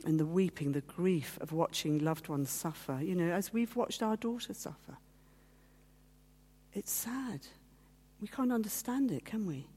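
Warm-voiced woman giving a heartfelt testimony. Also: on the low side, a little slow, breathy edge. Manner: storytelling, acting out quoted voices; heartfelt, at times teary. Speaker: guest speaker. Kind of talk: personal testimony talk. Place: meeting hall.

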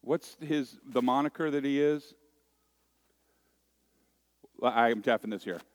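A man's voice: a little high, big pitch swings, measured pace, pauses often, no room sound. Male pastor, 40s, chatty sermon, jokes at his own expense, dry close sound. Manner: joking, self-deprecating, storytelling. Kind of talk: conversational sermon.

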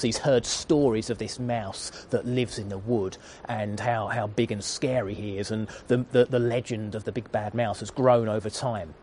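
A man's voice: mid-range voice, darkish tone, slight background noise. Earnest male preacher telling a story. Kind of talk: sermon.

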